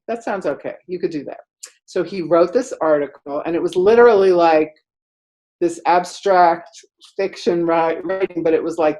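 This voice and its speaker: A middle-aged woman telling a rambling story in casual chat, acting out quotes loudly with lots of "like". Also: sits low, low-quality recording. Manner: animated, acts out quotes loudly; rambling, many "like" fillers.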